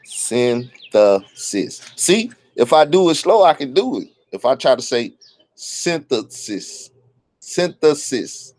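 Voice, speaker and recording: A man's voice: a little high, big pitch swings, moderate pace, few pauses, darkish tone, dry recording. A man, talking bluntly and profanely in a casual monologue, often stumbling over his words. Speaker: online commentator.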